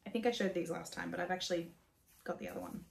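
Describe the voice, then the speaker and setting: A woman's voice: lowish voice, fast, gravelly. An Australian woman hosting a knitting podcast, chatting casually, swearing freely and laughing at herself as she talks. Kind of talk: casual chat.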